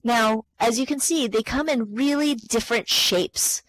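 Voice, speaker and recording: A woman's voice: on the high side, unhurried, fairly bright tone, slight background noise, poor audio. Chatty woman teaching science online. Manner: chatty, many ums and self-corrections. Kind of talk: live online lecture.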